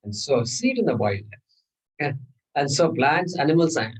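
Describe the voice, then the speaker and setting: Husky man teaching scripture. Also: mid-range voice, big pitch swings, fairly quick, far from the mic, poor audio. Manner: discursive, rhetorical questions, chanted Sanskrit verses. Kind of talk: lecture on scripture.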